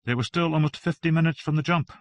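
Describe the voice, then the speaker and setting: A man narrating an audiobook in a steady, even-toned reading. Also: fairly high pitch, quick pace, no echo.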